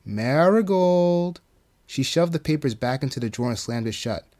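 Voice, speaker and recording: A man narrating his own horror story in a calm, even storytelling manner. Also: medium pitch, fast talker.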